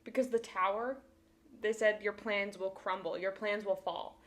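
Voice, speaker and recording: A woman co-hosting a casual episode recap, animated and joking. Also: mid-range voice, moderate pace. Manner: animated and joking, prone to loud laughing outbursts. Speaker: podcast co-host.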